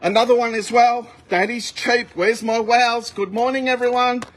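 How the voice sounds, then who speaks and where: Outdoors at a warehouse sale, a livestream host runs a live shopping stream, his voice extremely high in pitch and steady in tone. He calls prices quickly and keeps up a chatty back-and-forth with viewers over a windy, noisy phone recording.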